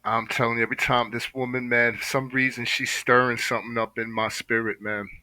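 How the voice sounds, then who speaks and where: A man's voice: mid-range voice, flat delivery, brisk, bright, forceful tone, no room sound, rough recording. A man hosting a reaction video, talking in an impassioned, preachy way and saying "man" constantly. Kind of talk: casual reaction commentary.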